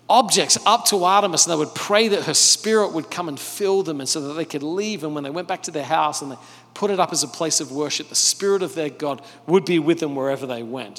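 Animated male preacher in a reverberant hall. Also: high voice. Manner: animated storytelling, acting out characters. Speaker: pastor. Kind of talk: sermon. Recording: long reverb of a large hall.

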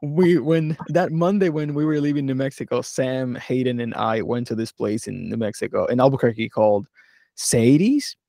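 A man's voice: mid-range voice, moderate pace, creaky, mellow, dry recording, studio quality. A young man from Philadelphia telling a road-trip story in a casual podcast chat, rambling and laughing as he acts out the people he met. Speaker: podcast co-host.

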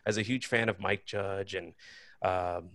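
A man who is an actor and cartoon creator, telling stories in a casual interview in an animated, expressive way. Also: deep voice, moderate pace, no echo.

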